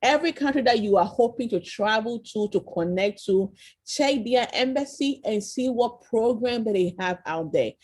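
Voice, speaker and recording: A woman's voice: fairly high pitch, expressive, normal speed, a little mellow. A woman presenting an interactive online class over a video call. She is encouraging and keeps quizzing her listeners, asking "okay?" and "right?". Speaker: virtual tour presenter.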